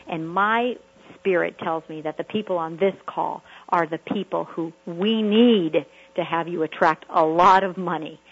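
A woman with a lowish, husky voice preaches a motivational sermon to people on a call. She presses her points with repetition and rhetorical questions. The sound is dull and lo-fi, like audio carried over a conference line. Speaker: prosperity preacher.

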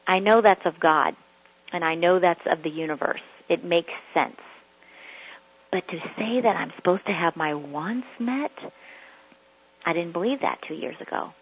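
Earnest husky-voiced woman coach, lo-fi radio. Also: on the low side. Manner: earnest, repeats rhetorical questions. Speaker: personal coach. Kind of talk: motivational teaching talk.

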